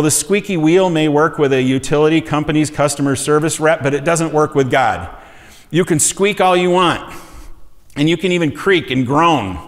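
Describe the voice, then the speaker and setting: A man delivers a teaching sermon in a conversational way, stopping to ask his listeners questions. His voice sits a little high. The sound carries a long reverb, as in a church sanctuary. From USA. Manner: conversational, asks the congregation questions. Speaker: pastor.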